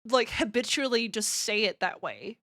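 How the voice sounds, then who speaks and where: Bright, giggly Australian young woman. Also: fairly high pitch, big pitch swings, moderate pace, dry recording, studio quality. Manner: giggly, teasing. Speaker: stream host. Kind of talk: casual chat.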